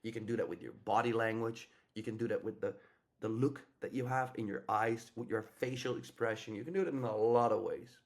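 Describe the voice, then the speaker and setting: A man's voice: lowish voice, a little fast. A man coaching on dating in a casual, blunt monologue, swearing freely and acting out example lines.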